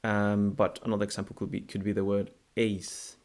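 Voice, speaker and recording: A man teaching a language lesson, speaking unhurriedly and repeating words slowly to model their pronunciation. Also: lowish voice, completely flat delivery, a little mellow. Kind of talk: explanatory video lesson.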